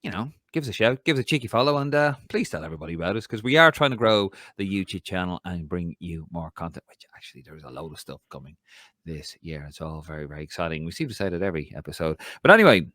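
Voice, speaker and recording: Podcast host guy, bouncy up and down voice, bit low, dry close sound, chatty and upbeat. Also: big pitch swings, fast, fairly bright tone, dry recording. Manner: upbeat, chatty, plugging channels. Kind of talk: casual podcast chat.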